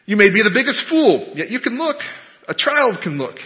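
A man voicing a plain-spoken country lay preacher who urges his hearers insistently, his voice rising toward a shout, in an echoey hall with a dull, lo-fi sound. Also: high-pitched, big pitch swings, normal speed, voice pushed up. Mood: urgent pleading. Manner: emphatic, repetitive, rising to shouting.

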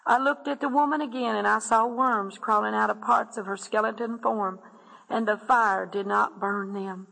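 A woman's voice: medium pitch, measured pace, vocal fry, bright, forceful tone, in a large hall, low-quality recording. A woman earnestly narrating a dramatic religious testimony, often speaking directly to her listeners. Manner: earnest, addresses listeners as "my friend".

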